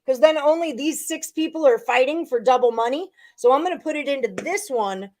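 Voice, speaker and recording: A woman's voice: high voice, fairly quick, a little mellow, a little hiss or hum. A woman hosting a live sports betting show, reading out viewers' picks and chatting casually.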